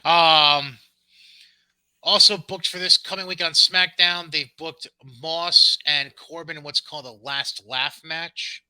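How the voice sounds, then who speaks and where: A man's voice: a little high, fairly even intonation, takes it slowly, sharp tone, smooth, no room sound, rough recording. A man co-hosting a podcast, casually recapping wrestling shows with sarcastic, dismissive asides and frequent ums. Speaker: podcast co-host.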